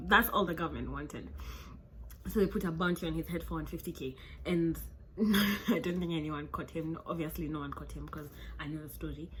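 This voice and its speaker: A woman's voice: fairly low pitch, a little hiss or hum. A woman, a vlogger telling a true crime story in a chatty, joking way with many asides.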